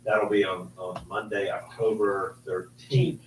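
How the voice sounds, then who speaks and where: A Southern man with a lowish voice hosts a casual meeting, rambling loosely and trailing off into asides. He sounds off the mic in a roomy space with a faint hum behind him. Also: little pitch movement, unhurried, recorded from a distance. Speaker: host.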